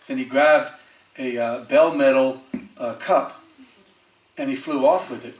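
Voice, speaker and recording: Animated male preacher in an echoey hall. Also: medium pitch, a little slow. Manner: animated, acts out quoted voices, chuckles often. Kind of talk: storytelling sermon. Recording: echoey temple hall from far off.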